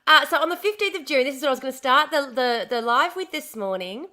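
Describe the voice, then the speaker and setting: Live streamer, Australian woman, bit raised pitch, bright tense tone, slightly hoarse, chatty and repetitive. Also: fast talker. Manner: chatty, repeats words, greets viewers excitedly. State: slightly hoarse, recovering from lost voice. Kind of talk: casual live stream chat.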